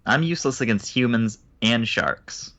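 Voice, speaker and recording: A man's voice: medium pitch, moderate pace, highs cut off. A man co-hosting a podcast, casually discussing a movie and mimicking its lines. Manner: lively, mimics movie lines, deadpan asides. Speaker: podcast co-host. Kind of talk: casual movie review chat.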